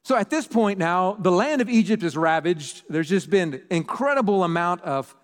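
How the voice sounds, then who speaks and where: Preacher guy telling a story in church, high voice, long hall echo. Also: moderate pace. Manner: animated storyteller, repeats words when excited. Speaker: pastor. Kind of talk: sermon with personal storytelling.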